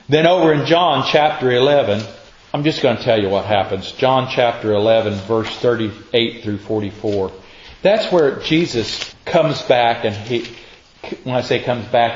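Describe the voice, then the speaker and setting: A man preaching in a relaxed, conversational way, acting out scripture scenes as plain dialogue. His voice sounds a little dull and muffled. It carries the echo of a roomy space. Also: mid-range voice. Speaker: pastor. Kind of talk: sermon.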